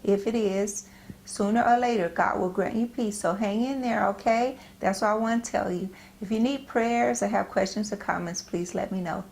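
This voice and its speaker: A middle-aged woman from the United States giving a personal devotional talk. She speaks earnestly and gently, often halting and repeating phrases as she goes. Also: medium pitch, gravelly. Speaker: Christian speaker.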